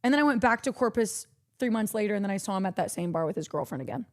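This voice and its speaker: A woman's voice: medium pitch, animated, racing. A woman, streaming a breathless, profane story time. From Texas.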